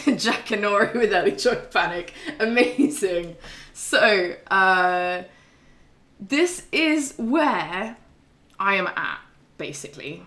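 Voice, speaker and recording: A woman's voice: medium pitch, a bit bright. A woman streamer giving a casual, rambling game recap to her live chat, swearing freely and full of ums and laughs. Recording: roomy echo.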